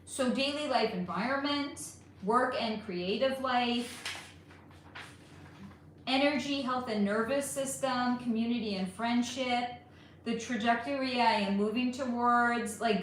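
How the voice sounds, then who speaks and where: Woman host, casual livestream from home, blunt and animated, higher voice, echoey room. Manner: candid, swearing, animated, answers chat questions. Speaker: livestream host reading chat. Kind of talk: casual live-stream chat. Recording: roomy echo with faint ambient noise.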